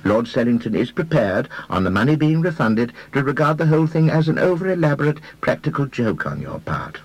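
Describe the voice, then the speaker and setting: Male narrator voicing a soft-spoken middle-aged detective; husky, lilting, careful diction. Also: medium pitch, very animated, pitched above the performer's own voice, low-quality recording. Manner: gentle, deliberate, precise phrasing. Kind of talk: audiobook character voice.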